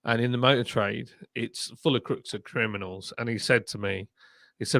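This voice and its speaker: A man's voice: medium pitch, fairly even intonation, moderate pace, gravelly, a bit bright, no room sound, clean studio sound. A man hosting a casual livestream chat, talking bluntly and laughing often. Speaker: livestream host, former brewery boss.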